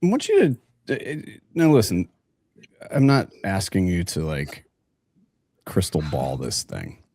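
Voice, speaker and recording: A low-voiced man hosting a casual interview in a dry, close recording. He rambles playfully through long questions, padding them with fillers and asides. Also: huge pitch swings, unhurried, dark tone, husky, no room sound. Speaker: interviewer, host.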